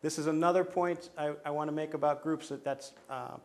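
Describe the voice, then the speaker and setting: A man's voice: fairly high pitch, fairly even intonation, fairly quick. A man training teachers, explaining pronunciation rules step by step in a methodical way, with frequent fillers and restarts. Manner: methodical, repeats steps, many fillers and restarts.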